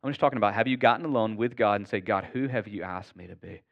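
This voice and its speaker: A man's voice: fairly low pitch, fast talker, creaky, muffled recording. A man preaching a sermon to his congregation in an earnest, conversational way. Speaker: pastor.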